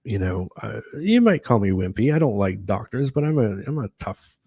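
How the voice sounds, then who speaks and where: Middle-aged guy rambling thru his own story, lots of likes and ums, kinda low raspy voice. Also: sing-song, normal speed, dark tone, no room sound. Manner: rambling, chatty, full of fillers and restarts. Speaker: host. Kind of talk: casual personal storytelling.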